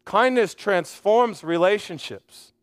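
High, clear-voiced man preaching. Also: lively intonation, no room sound, studio quality. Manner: earnest, conversational preaching with quick asides and repeated phrases. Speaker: pastor. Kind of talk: sermon. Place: church stage.

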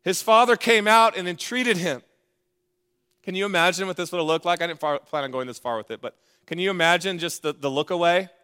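A man's voice: a little high, quick pace, few pauses, a bit bright, clear, resonant tone. A man preaching a sermon in a playful, conversational way, with asides to the congregation. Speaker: pastor.

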